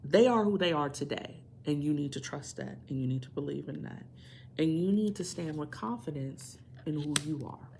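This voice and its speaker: Low gravelly woman giving a tarot reading. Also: expressive, moderate pace, darkish tone, slight background noise. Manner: emphatic, preachy, repeats phrases for stress. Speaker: tarot reader.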